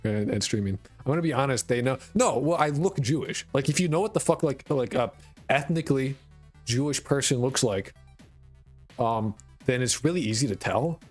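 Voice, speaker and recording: A man's voice: mid-range voice, lively intonation, moderate pace, soft background music. A man from rural Connecticut, with a mixed New York, Boston and Connecticut accent, chatting casually and profanely on a game dev live stream. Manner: rambling, profane, self-deprecating.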